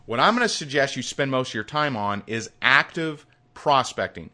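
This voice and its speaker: A man teaching a recorded sales course with a bright, forceful voice. He talks in a hyped, emphatic way and hammers points home by repeating them. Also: medium pitch, animated, moderate pace.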